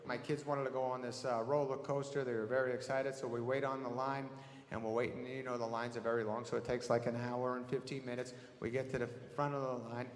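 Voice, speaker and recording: A man telling a profane, rambling story on a theater stage as a stand-up comedian. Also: mid-range voice. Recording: echoey hall with audience noise.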